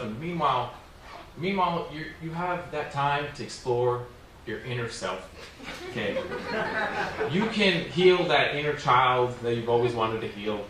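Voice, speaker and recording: A man's voice: medium pitch, fairly bright tone. A man doing stand-up comedy at a small venue, telling stories in a rambling, self-mocking way full of "like" and "you know.". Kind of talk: stand-up storytelling. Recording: very echoey room, distant mic, faint noise.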